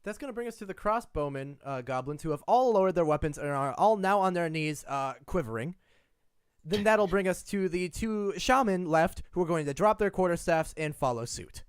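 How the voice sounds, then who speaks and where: Guy gm narrating the fight, kinda high voice, dry mic, laughs and rambles. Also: lively intonation, moderate pace, clean tone, no echo. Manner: chatty, laughs often, hesitant fillers. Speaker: game master. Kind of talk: narrating a tabletop game.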